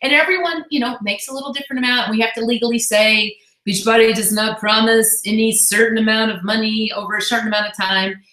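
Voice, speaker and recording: A woman's voice: a little high, fairly even intonation, sharp tone. Heartfelt, chatty woman in an echoey room. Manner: heartfelt and chatty, quick asides. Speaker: fitness business coach. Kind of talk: casual motivational live call.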